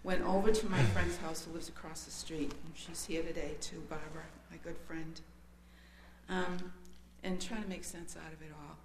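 A woman's voice: sits low, normal speed. A woman giving an earnest, hesitant, emotional account of her faith to a church gathering. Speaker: speaker sharing a testimony. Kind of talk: personal testimony storytelling. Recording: echoey room with faint hum.

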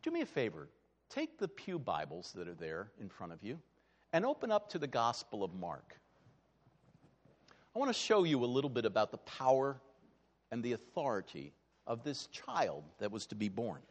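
A male pastor preaching a dramatic sermon, swinging from hushed to loud, in a church sanctuary. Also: mid-range voice, huge pitch swings, normal speed, in a large hall.

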